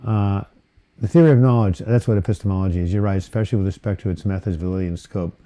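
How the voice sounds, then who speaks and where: Chatty man with a dark, mellow voice. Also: low voice, quick pace. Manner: rambling, chatty, with frequent fillers and self-corrections. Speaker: host of a live viewer Q&A on mental health. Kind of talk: casual live-stream chat, reading and answering viewer comments.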